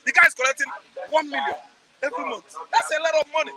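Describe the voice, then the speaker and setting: A middle-aged Nigerian man gives an impassioned street interview. He preaches, repeats phrases for emphasis, sometimes shouts, and asks himself rhetorical questions. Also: extremely high pitch, fairly even intonation, fast talker, crowd noise, low-quality recording.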